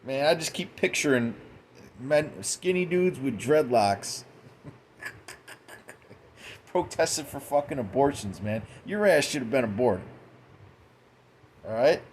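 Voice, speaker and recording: A man's voice: mid-range voice, animated, slow, pauses often, a little hiss or hum. A man giving a profane, mocking late-night commentary monologue, quoting scripture in a preachy way. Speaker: commentary host.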